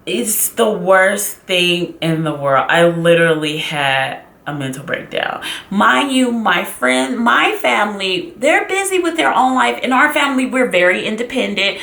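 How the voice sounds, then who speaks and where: A woman's voice: medium pitch, animated, measured pace, creaky, bright, forceful tone, echoey room. A woman from Los Angeles telling a personal story in a vlog, emotional and confiding, speaking straight to her viewers. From Los Angeles, USA. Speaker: vlogger.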